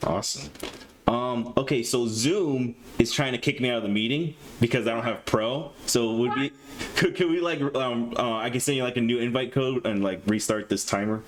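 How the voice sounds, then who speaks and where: A man's voice: mid-range voice, normal speed, slight background noise. A man hosting a live stream between interview segments, talking to his chat in a jittery, self-deprecating way with nervous laughter. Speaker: stream host interviewing a voice actor.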